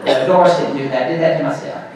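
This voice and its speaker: A man speaks to a conference crowd in a high, bright register, bantering and joking as he runs through sales tips. He stands well away from the mic. The big hall rings with a heavy echo around him. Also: recorded from a distance. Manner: animated, joking, quick asides and crowd banter. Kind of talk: motivational sales talk to an audience.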